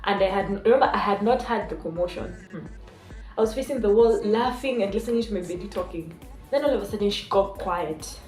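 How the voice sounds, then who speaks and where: A young woman with a Kenyan accent tells a story in a playful, animated vlog voice. Her voice sits at an ordinary middle pitch and echoes in a roomy space, with music clearly audible in the background. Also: fairly quick. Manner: animated, playful, switches into Swahili. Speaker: vlogger. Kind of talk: story time. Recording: echoey room with music behind.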